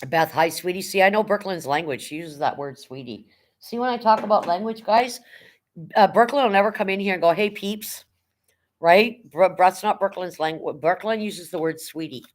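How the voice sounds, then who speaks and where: At a moderate pace and in a lowish voice, this middle-aged livestream host wanders through stories of her past jobs. She's casual and blunt, occasionally swearing, and says hello to viewers by name.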